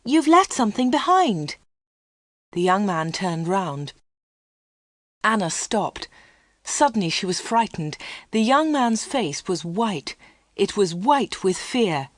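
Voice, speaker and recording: Clear woman reading a story. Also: medium pitch, animated, slow pace, dry recording, clean studio sound. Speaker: narrator. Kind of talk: scripted storybook narration for learners.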